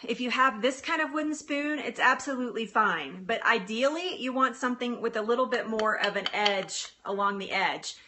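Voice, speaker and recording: A woman's voice: on the high side, bright, forceful tone. A woman hosting a casual live cooking demo, chatting with viewers and laughing often. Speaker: live-stream cooking host. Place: home kitchen.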